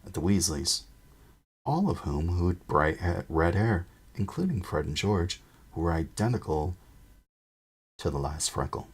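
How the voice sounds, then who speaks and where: Low, husky man reading a storybook. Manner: measured, with small restarts. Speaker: audiobook narrator. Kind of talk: storybook read-aloud.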